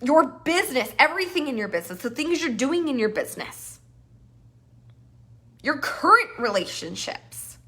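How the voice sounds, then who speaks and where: A woman coach runs a live masterclass with a high, bright, forceful voice. She is animated and playful and slips into quick acted-out inner voices to make her points. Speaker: business coach.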